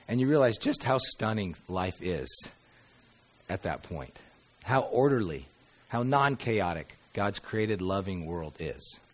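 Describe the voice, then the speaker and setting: A pastor preaching a sermon, reading scripture dramatically and breaking into wry, conversational asides, with sudden quiet drops. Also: male voice, on the low side.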